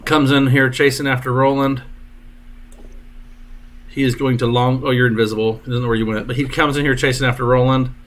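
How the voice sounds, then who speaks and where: A man as dungeon master, narrating combat turns with brisk, jokey asides. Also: mid-range voice, fairly bright tone.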